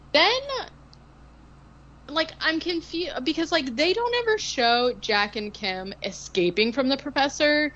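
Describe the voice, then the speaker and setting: A woman's voice: high-pitched, animated, unhurried, a bit bright, muffled recording, a little hiss or hum. Rambling woman recapping a movie. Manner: rambling, heavy use of "like", sarcastic asides. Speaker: podcast co-host. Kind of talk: casual movie recap chat.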